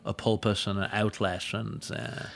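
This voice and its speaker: A man talking as a guest in a casual podcast chat, an animated storyteller whose voice leaps up in pitch when he acts out other people. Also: moderate pace, vocal fry. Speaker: guest, drinks educator and writer. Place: studio table with bottles and glasses.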